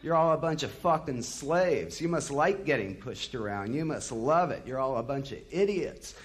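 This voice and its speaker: A man's voice: medium pitch, moderate pace, close to an everyday voice. A man doing a drunk, bellowing rock singer. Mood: furious. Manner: bellowing, contemptuous. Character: drunk raging male rock singer on stage.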